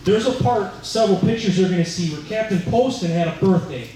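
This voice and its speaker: A firefighter giving a dedication speech, telling stories and acting out the voices of the people in them. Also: male voice, high voice, animated, a little fast, dark tone, a little hiss or hum. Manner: storytelling, acting out voices in quotes. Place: large indoor room at a fire training center. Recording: very echoey hall, mic far off.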